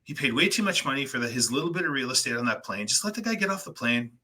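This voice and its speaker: Brief: male podcast host, husky voice, ranting storyteller with quick impressions. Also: mid-range voice, big pitch swings, sharp tone. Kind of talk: casual chat.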